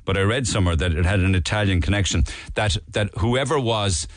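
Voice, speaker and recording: A man's voice: on the low side, fairly quick, no echo. A man hosting a phone-in radio show in a studio, chatty and rambling with jokey asides. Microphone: studio microphone.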